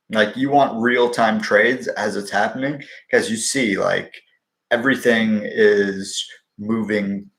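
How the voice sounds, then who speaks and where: A man's voice: lowish voice, a bit bright, echoey room. A man hosting a live stream, answering viewers' questions in a blunt, profane, wisecracking way. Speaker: livestream host answering viewer questions on stocks. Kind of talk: casual live-stream chat.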